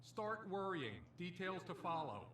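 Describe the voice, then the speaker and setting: Cheesy lounge comic, high lively voice, far off on an echoey stage w faint hiss. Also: male voice, measured pace, exaggerated voice. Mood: brash. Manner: punchy joke delivery with comic character voices. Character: cheesy male casino stand-up comic, brash. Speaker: stand-up comedian in a game. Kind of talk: stand-up comedy routine.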